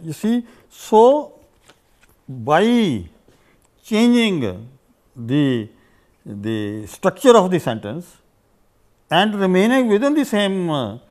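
A man teaching a grammar lesson, explaining at length with many "you see"s and "uh"s, repeating examples. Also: a little high. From India. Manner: repeats example phrases in two languages. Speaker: language teacher. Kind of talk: unscripted grammar lecture.

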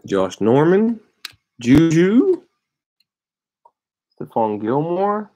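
A man hosting a sports card break, calmly reading out player names as he opens packs. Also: a little high, dull audio. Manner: unhurried, reads out player names with bursts of excitement. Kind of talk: casual card-opening commentary.

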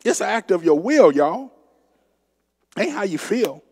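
Emphatic preacher in a reverberant church. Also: male voice, high voice, sing-song, a little slow, a little mellow, husky. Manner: emphatic preaching with call-outs to the congregation. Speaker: pastor. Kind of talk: sermon. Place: church sanctuary. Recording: long church sanctuary reverb.

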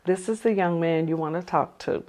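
An older woman telling a personal story with lively energy, acting out the conversations she recounts. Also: on the low side, fairly quick. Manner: animated, acts out the dialogue in her story.

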